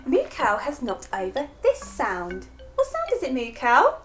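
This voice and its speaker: A woman's voice: high voice, wildly swooping pitch, unhurried, fairly bright tone, soft background music. A young woman hosting a children's phonics lesson, cheerful and encouraging, laughing often. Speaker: phonics teacher and host.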